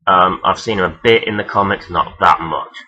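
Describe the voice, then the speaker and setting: A man talking casually and rambling as he counts down his favourite characters, swearing freely and filling pauses with "um". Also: low voice, sharp tone, highs cut off. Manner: rambling, profane, many fillers. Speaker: vlogger ranking toy robot characters. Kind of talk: casual unscripted countdown talk.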